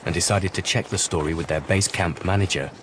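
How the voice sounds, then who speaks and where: A man giving scripted documentary narration in a measured, even storytelling manner. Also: low-pitched, background noise. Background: music.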